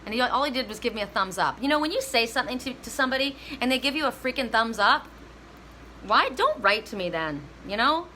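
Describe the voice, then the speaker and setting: A woman's voice: high voice, fast talker, few pauses, bright, forceful tone, a little hiss or hum, low-quality recording. A woman giving a live oracle card reading, chatty and emotional, breaking into bits of songs.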